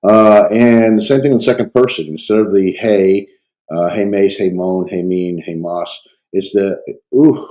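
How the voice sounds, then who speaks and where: A man with a low, mellow voice works through a grammar lesson while he has a cold. He pauses often, fills gaps with hesitant fillers and thinks aloud as he explains. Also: steady tone, low-quality recording. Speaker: Greek instructor. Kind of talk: lecture reviewing grammar.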